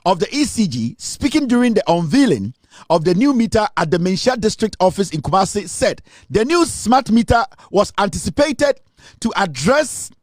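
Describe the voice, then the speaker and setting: High-voiced mocking Ghanaian man. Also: big pitch swings, normal speed, no echo, studio quality. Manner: mocking, sarcastic, laughs often; stumbles while reading news aloud. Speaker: political commentator. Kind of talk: live online commentary.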